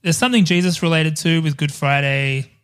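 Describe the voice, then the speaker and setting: A man's voice: fairly high pitch, fairly quick, smooth. A man co-hosting a casual podcast, telling rambling stories with jokey asides. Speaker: podcast co-host. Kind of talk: casual chat.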